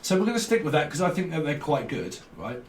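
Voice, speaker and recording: A man's voice: fairly high pitch, very animated, fast talker. Rambling man in an echoey room. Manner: rambling, jokey, chuckles between thoughts. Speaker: tarot reader. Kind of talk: casual tarot reading to camera. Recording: roomy echo, distant from mic, faint noise.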